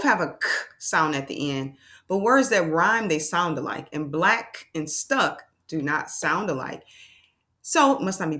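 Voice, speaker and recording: A woman's voice: low voice, animated, unhurried, pushed and bright. A woman teaching a children's phonics lesson, sounding out words and asking encouraging questions.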